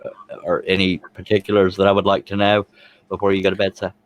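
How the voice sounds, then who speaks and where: A man's voice: low-pitched, monotone, fast talker, no echo, rough recording. A man hosting a casual livestream chat, joking and rambling. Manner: joking, rambling, reads chat comments aloud. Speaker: show host.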